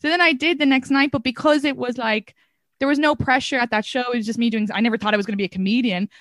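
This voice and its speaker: Irish woman podcaster, rattles along really fast, slightly high voice, chatty. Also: a bit bright, no echo, clean studio sound. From Ireland. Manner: chatty and fast, full of "like" and "kinda". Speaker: podcast host and comedian. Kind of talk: casual podcast chat.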